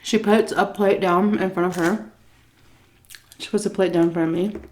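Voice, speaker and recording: A woman's voice: on the low side, steady tone, normal speed, a little mellow. A woman food vlogger telling a story in a chatty, casual way while she eats, often breaking into laughs.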